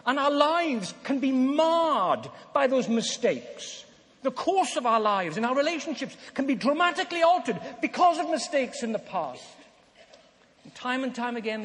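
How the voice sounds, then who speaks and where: A man's voice: very high-pitched, a bit bright. Older man preaching in an echoing hall. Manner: earnest, emphatic, with slow dramatic pauses. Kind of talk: sermon. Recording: long hall reverb.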